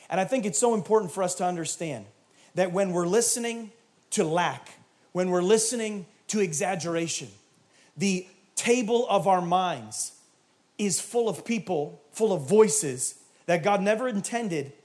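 A man with a notably high voice preaches a sermon from a church. His delivery is animated, and he swings into shouted peaks before dropping back to quieter asides. He acts out short back-and-forth conversations as he goes. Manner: animated, builds to shouting climaxes, acts out dialogue. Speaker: pastor.

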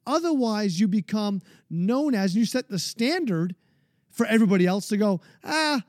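Guy with a high voice preaching self-respect on his podcast, dry close sound, keeps restarting phrases. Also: expressive, moderate pace, darkish tone, no room sound. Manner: emphatic, preachy, swears casually. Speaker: podcast host. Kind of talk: motivational monologue.

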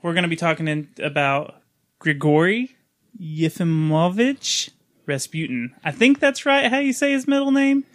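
A man's voice: extremely high pitch, big pitch swings, fast, hardly any pauses, fairly bright tone. A man hosting a casual podcast chat, loose and self-mocking, laughing often and stumbling over hard names. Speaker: podcast host.

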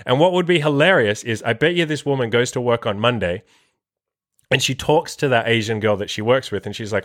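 A young man tells a story to his viewers in a loose, profane way, full of "like" and other fillers. His voice sits at an ordinary middle pitch. The recording is dry and close. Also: brisk, no room sound. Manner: profane, filler-heavy, lots of "like". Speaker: vlogger. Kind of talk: casual storytelling to camera.

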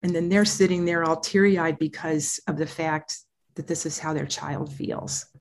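An earnest woman speaking as a child therapist and parent coach, emphatic and animated as she explains her approach. Her voice sits somewhat low for a woman. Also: normal speed. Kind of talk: interview conversation.

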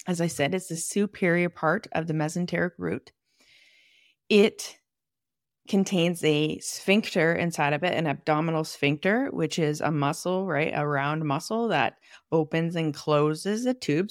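Low-voiced woman explaining anatomy casually. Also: no room sound, clean studio sound. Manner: chatty, thinking aloud with fillers and asides. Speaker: podcast host and manual therapist. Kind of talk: casual educational monologue.

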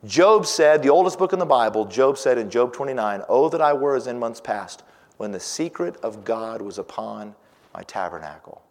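A middle-aged pastor preaches with a voice of ordinary male pitch, pressing hard on key words and then dropping low and hushed. His scripture quotes come in old-fashioned wording. The sound rings with a long reverb, as in a large hall. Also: expressive, moderate pace. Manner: dramatic swings from loud emphasis to hushed near-whisper. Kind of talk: sermon.

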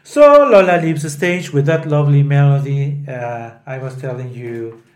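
A man's voice: mid-range voice, moderate pace. A man hosting a show on opera, retelling a scene in a loose, informal way with many fillers. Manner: loose, with many fillers, quoting lines in Italian and English. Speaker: podcast host explaining an opera. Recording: roomy echo.

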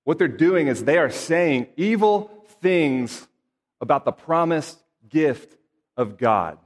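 A man's voice: fairly high pitch, expressive, takes it slowly, long reverb tail. A man reading scripture aloud and then preaching in an earnest, conversational way with emphatic asides. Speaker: pastor.

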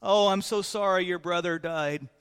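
A man's voice: high-pitched, normal speed, fairly bright tone, smooth. A man voicing a two-faced mourner who offers syrupy fake sympathy while spreading gossip. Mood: falsely consoling. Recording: long hall reverb.

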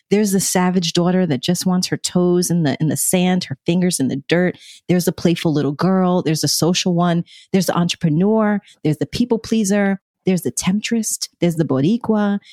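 A woman co-hosting a podcast, telling a personal story in an expressive way and acting out remembered dialogue. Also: lowish voice, moderate pace, no room sound, clean studio sound. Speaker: podcast co-host.

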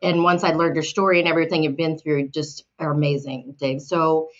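A woman's voice: sits low, level tone, brisk, highs cut off. A woman hosting an interview, speaking admiringly to her guest. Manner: admiring, warmly affirming. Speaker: interview host. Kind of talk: interview conversation.

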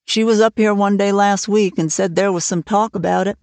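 A woman's voice: medium pitch, steady tone, brisk, a little mellow, no room sound, close to an everyday voice. A woman reading the part of a stern, worried older farm woman who speaks plainly and bluntly, for an audiobook. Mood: brisk.

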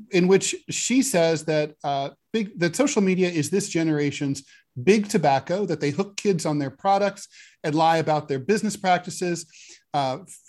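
A man co-hosting a political podcast, chatting casually with dry, deadpan sarcasm. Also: on the high side. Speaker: podcast co-host.

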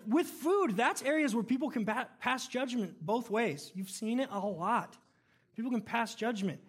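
A man in his thirties preaches to his congregation with a noticeably high voice. He talks casually and tells stories with animation, easing his points in with humor rather than thundering. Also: breathy edge. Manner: conversational, animated storytelling with laughs. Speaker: pastor. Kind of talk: sermon.

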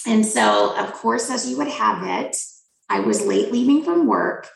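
A woman with a strongly gravelly, fry-laden voice, speaking fairly high and swooping all over her range as she tells a frank personal story. She repeats words for emphasis. The sound carries a roomy echo. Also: measured pace. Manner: frank, animated, emphatic repetition. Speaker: physician guest.

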